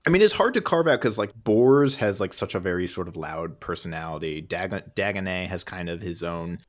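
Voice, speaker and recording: Very low-voiced man chatting about films. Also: normal speed. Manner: wry, animated, laughs often. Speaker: podcast co-host. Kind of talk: casual film discussion.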